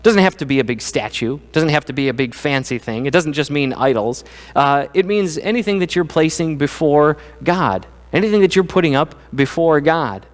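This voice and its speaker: A man's voice: a little high, moderate pace. A middle-aged man giving a sermon as pastor, talking conversationally and acting out voices. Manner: conversational, animated, acts out quoted voices. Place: church sanctuary. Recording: church sanctuary with long reverb.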